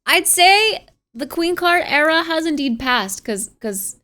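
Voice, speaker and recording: A woman's voice: very high voice, expressive, slow, pushed and bright, a little hiss or hum. A young American woman streamer chatting casually at home, reading viewers' messages aloud and musing on them with frequent laughs. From United States. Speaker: livestreamer.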